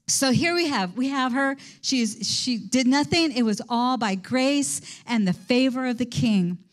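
High-voiced woman teaching scripture. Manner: enthusiastic, rambling with restarts. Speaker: Bible study teacher. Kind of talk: sermon.

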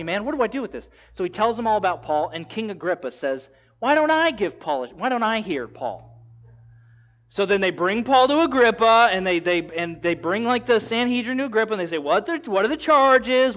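A man delivers a sermon in a high, bright-sitting voice, telling the story with animated energy and slipping into casual, acted-out dialogue. The recording is a little dull and lo-fi. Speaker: pastor.

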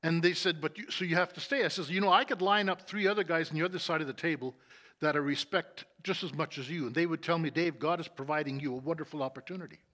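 A middle-aged man telling his story in a sermon, acting out conversations and often dropping to a soft, low voice. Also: quick pace. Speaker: church leader giving testimony. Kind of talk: sermon testimony.

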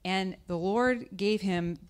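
A woman's voice: takes it slowly, clear, resonant tone. A woman preaching a conversational sermon, asking the listeners questions and acting out scripture voices. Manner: conversational, asks the audience questions; acts out scripture voices with pitch jumps. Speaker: guest speaker.

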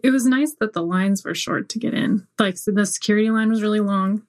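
A woman's voice: medium pitch, a little fast. A woman chatting casually on a podcast, easygoing and giggly. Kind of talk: casual chat.

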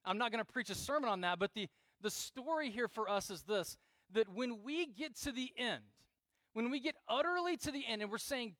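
Preaching as pastor, a middle-aged man delivers his sermon in a high, expressive, slightly bright voice, talking a little fast with no echo. He stays earnest throughout, repeats key phrases for emphasis, and performs prayers in dramatic quoted voices.

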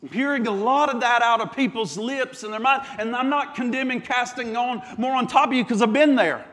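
High-voiced impassioned male preacher. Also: a little fast, fairly bright tone, long reverb tail. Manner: impassioned, piling up repeated phrases, with stumbles and restarts. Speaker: pastor. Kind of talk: sermon. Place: church.

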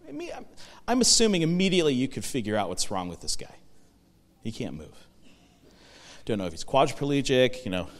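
A man of middle pitch gives a sermon in a relaxed, conversational manner, posing questions to his listeners and restarting sentences as he goes. His voice carries a long reverb from a large hall. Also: fairly quick, pauses often. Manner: conversational preaching, frequent restarts and rhetorical questions. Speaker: pastor.

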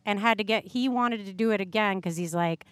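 Woman, fifties, podcast host, frank and casual, swears a lot, mid pitch, dry recording. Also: a little fast, no echo. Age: 50s. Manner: frank storytelling, swears freely. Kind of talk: casual chat.

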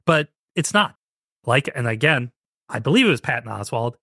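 Male podcast host, mid pitch, sarcastic ranting commentary, dead dry booth sound. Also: big pitch swings, moderate pace, bright, forceful tone, husky, no room sound. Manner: sarcastic, mocking impressions of others. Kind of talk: casual commentary.

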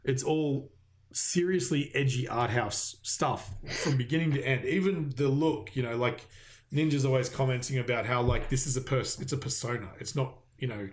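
A man in casual conversation, telling an anecdote with lots of swearing and quick quoted voices. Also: mid-range voice. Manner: swears a lot, animated storytelling with quoted voices. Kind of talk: casual chat.

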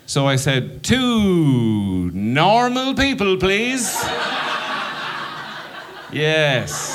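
An Irish man doing stand-up, telling a story and acting out his own panicked inner voice. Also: on the high side. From Ireland. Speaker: stand-up comedian.

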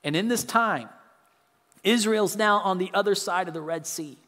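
A man preaching a sermon, earnest and a bit halting, often restarting and repeating words. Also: high-pitched, bright, forceful tone, long reverb tail. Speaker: pastor.

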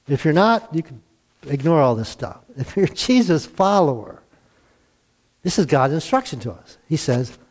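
A man's voice: a little high, darkish tone. A man in his sixties preaching a conversational sermon, acting out the dialogue and chuckling now and then.

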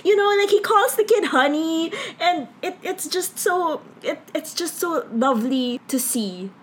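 Woman co-host with a high voice, chatty and giggly. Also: lively intonation, measured pace, hardly any pauses, slight background noise. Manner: enthusiastic, laughing easily. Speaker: podcast co-host. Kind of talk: casual chat.

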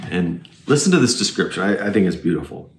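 Low-voiced male pastor preaching. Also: lively intonation, fast, reverberant, slight background noise. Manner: earnest, reads passages aloud. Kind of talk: sermon. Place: church.

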